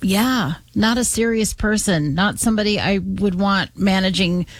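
A woman's voice: mid-range voice, moderate pace, dry recording. A woman co-hosting a radio show, chatting in a dry, agreeable way. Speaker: radio co-host. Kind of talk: casual radio chat.

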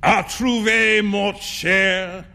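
A man's voice: high voice, fairly even intonation, extremely slow, creaky, pushed and bright, big-room sound, voice pushed up, full character voice. A man voicing a boisterous theatrical painter. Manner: theatrical, emphatic exclamations. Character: flamboyant, boisterous male painter, self-assured.

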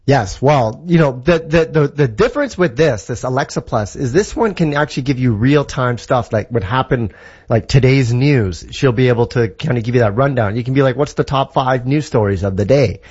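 A man's voice: mid-range voice, animated, moderate pace, a little mellow, slightly rough, highs cut off. A man from Canada explaining a tech product in an enthusiastic, casual way, with lots of examples and fillers. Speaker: tech guest.

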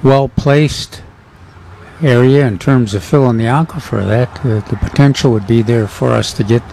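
A man's voice: mid-range voice, moderate pace, creaky, warm tone, a little hiss or hum, low-quality recording. A man co-hosting a radio show in casual chat, hesitant and searching for his words.

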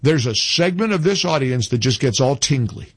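A man's voice: mid-range voice, lively intonation, normal speed, breathy edge, no room sound. A man hosting a talk radio show, talking in an emphatic, indignant way and often repeating himself.

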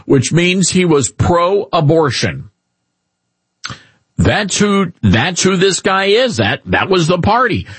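A middle-aged man hosting a radio talk show, chatting in an animated, joking, rambling way. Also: on the high side, breathy edge, no echo. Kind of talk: casual opinion talk.

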